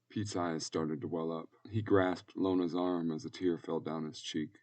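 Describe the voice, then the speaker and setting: A man narrating an audiobook in calm, even storytelling. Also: low-pitched, unhurried, few pauses, recorded from a distance. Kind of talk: scripted narration.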